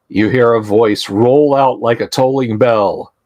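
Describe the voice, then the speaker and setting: A man's voice: mid-range voice, a little slow, darkish tone. A man hosting a livestream as game master, talking in a chatty, loose way with lots of fillers. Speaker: game master and stream host. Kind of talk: live-streamed tabletop game narration.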